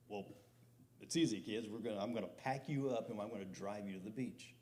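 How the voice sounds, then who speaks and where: A man's voice: fairly low pitch, normal speed, a little mellow. A middle-aged man preaching a conversational sermon as pastor, building to emphatic peaks.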